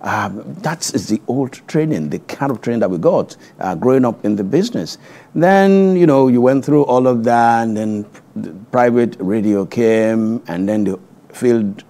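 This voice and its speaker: A man's voice: medium pitch, measured pace. A middle-aged man with a Nigerian English accent, a veteran broadcaster on a studio panel who tells stories with lots of restarts. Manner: animated, storytelling, many restarts.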